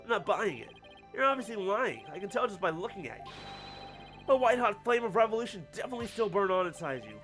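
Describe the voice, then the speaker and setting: Earnest young lawyer, persistent, voiced by a man with a high, animated delivery. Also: fast talker, soft background music. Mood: accusing. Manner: earnest, pressing questions.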